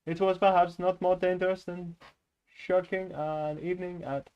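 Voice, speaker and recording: A theatrical, sing-song Indian English accent, which a man puts on to read prose aloud. It sits noticeably higher and louder than his everyday voice. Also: little pitch movement, moderate pace, smooth, highs cut off, close to an everyday voice. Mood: playful. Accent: put-on Indian English. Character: man reading narration in a put-on Indian accent.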